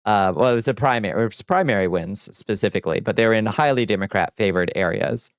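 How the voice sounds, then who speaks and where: A man's voice: lowish voice, fast talker, smooth, dry recording. A man chatting on a casual livestream, reading chat aloud and answering in a chatty, sardonic way, on a close desk mic. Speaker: streamer.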